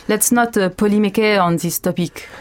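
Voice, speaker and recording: A woman's voice: medium pitch, moderate pace. A woman with a French accent plays the interviewee in a comic mock interview. She sounds blasé and offhand. She sprinkles French fillers through her English.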